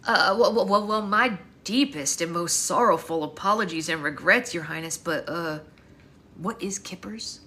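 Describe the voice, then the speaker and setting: A woman doing a loud, fawning small-town man. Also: on the low side, normal speed, slight background noise.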